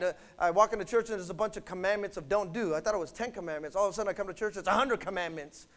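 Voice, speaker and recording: Male preacher with an unusually high voice, punchy, drops to quiet asides then surges loud. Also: fast talker, few pauses. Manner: emphatic, with call-and-response prompts to the congregation; swings between loud bursts and quiet asides. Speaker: pastor. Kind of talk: sermon.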